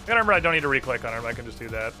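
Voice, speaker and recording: A man streaming a game, chatting casually and excitably, swearing now and then. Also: mid-range voice, racing, soft background music. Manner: excitable, swears casually, baby-talks to a puppy.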